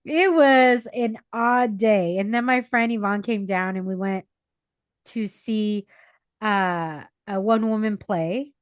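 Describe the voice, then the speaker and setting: A middle-aged woman co-hosting a podcast, chatting casually and telling stories in an animated way, acting out the people she quotes. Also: medium pitch, takes it slowly, clean tone, no room sound. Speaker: podcast co-host. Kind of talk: casual chat, storytelling. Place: parents' house.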